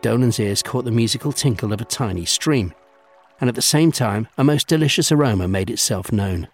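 A man narrating a children's storybook, savouring lists with gentle humour. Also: medium pitch, expressive, fairly quick, faint music behind.

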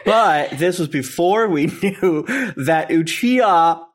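A man's voice: fairly high pitch, takes it slowly. Jokey man on a casual podcast. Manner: jokey, quotes characters in silly voices. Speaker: podcast co-host. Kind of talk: casual chat.

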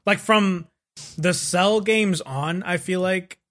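A man's voice: high voice, slow pace, a bit bright. A man co-hosting a casual chat about anime, laughing often, swearing freely and retelling scenes in quoted voices.

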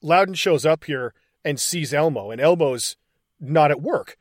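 A podcast host excitedly recaps movie scenes in casual chat, swearing freely as he retells them. His voice is a little high and his pace measured. The studio-quality recording has no room sound.

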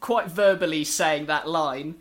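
A podcast co-host in a casual film-review chat, making quick, sarcastic quips. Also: mid-range voice.

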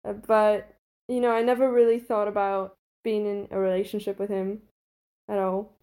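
A woman's voice: medium pitch, level tone, moderate pace, dark tone. A young woman in college telling a story in casual chat, rambling and giggly with lots of fillers. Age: young adult.

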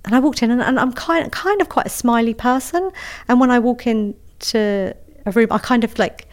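A woman's voice: on the high side, normal speed. A woman, an author telling a story in a casual interview, chatty and self-deprecating with many restarts. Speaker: author guest.

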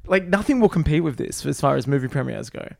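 A man's voice: fairly high pitch, expressive, fast talker, vocal fry, no room sound. A man co-hosting a podcast, chatting with eager, slangy enthusiasm. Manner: enthusiastic, slangy, says "dude" and "like". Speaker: podcast co-host. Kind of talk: casual chat.

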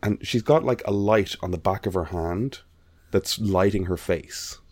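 A man's voice: sits low, unhurried, darkish tone, no echo. A man in casual chat, animatedly telling a story and acting out the voices of the people in it. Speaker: podcast guest.

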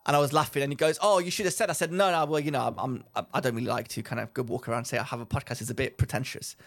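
A man's voice: mid-range voice, fairly even intonation, very fast. A man, co-hosting a casual podcast, rambling through a story, acting out what people said and laughing often. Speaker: podcast co-host. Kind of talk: casual chat.

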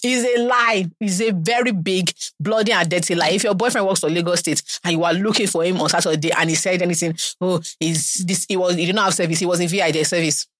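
A Nigerian woman co-hosting a podcast, telling stories in a teasing, animated way. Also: on the low side, fast talker, hardly any pauses, no room sound. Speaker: podcast co-host. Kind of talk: casual chat.

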